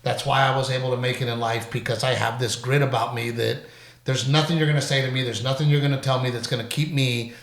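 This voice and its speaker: A middle-aged man talks loosely and animatedly, breaking into laughs and the odd curse as he hosts a casual podcast. His voice sits at an ordinary pitch, and the room gives it a noticeable echo. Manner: animated, swearing, quick bursts of laughter. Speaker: podcast host. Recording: roomy echo.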